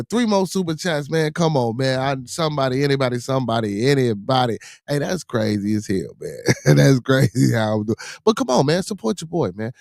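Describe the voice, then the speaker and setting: A man hosts a casual livestream. He talks at a middling pitch and keeps pleading with chat for support and shouting out his regulars. The sound is close and dry, with no room around it. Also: dry recording. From Chicago area. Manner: animated, begs chat for super chats and shouts out supporters. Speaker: livestream podcast host.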